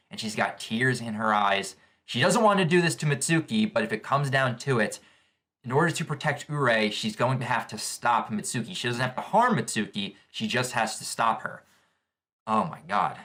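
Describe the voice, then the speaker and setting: Casting: male reaction vlogger with a bright, forward tone, describing comic pages aloud. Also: mid-range voice, normal speed. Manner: eager, describes panels as he reads. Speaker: manga reaction channel host. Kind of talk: live manga reading reaction.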